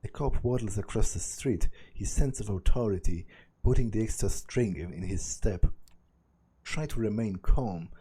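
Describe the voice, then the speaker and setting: A man's voice: lowish voice, normal speed, dark tone, husky. A young man reading a visual novel aloud and commenting as he goes, thinking aloud with hesitant restarts. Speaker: let's play narrator.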